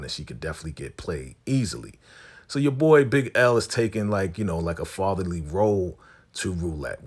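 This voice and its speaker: Husky low-voiced man recapping a show. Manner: animated, acts out characters' lines with playful voices; chatty, keeps saying "right?" and "your girl". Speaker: recap host. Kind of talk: casual TV episode recap.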